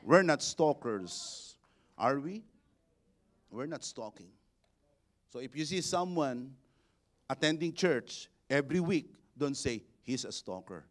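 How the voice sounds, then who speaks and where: A bishop preaches a sermon, his somewhat high male voice moving at an unhurried, deliberate pace. He builds to loud, shouted exhortations and calls on the congregation to repeat after him. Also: expressive. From Philippines. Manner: preaching with rising shouted exhortations and call-and-response.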